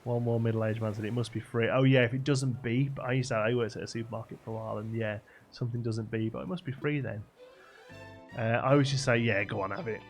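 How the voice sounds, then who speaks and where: Gravelly young man chatting on stream. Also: medium pitch, fairly even intonation, fast talker. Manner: rambling, answers chat messages aloud. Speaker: live streamer. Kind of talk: casual live-stream chat. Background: faint game music.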